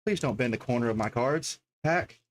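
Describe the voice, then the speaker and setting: A man's voice: medium pitch, normal speed, slight background noise. A man livestreaming from his home desk, chatting casually and thinking aloud as he reads out card names one after another. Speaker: livestreamer opening card packs.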